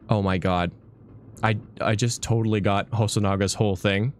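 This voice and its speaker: A man streaming a game, reacting with animated casual commentary. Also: lowish voice, normal speed, a little hiss or hum. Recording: game stream with music behind.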